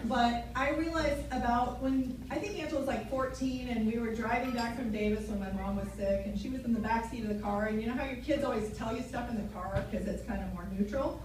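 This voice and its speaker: A woman's voice: fairly high pitch, brisk, hardly any pauses. A middle-aged woman, the mother of the bride, telling a story in a chatty way and laughing through her speech at a wedding reception. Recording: echoey hall from far off, crowd noise.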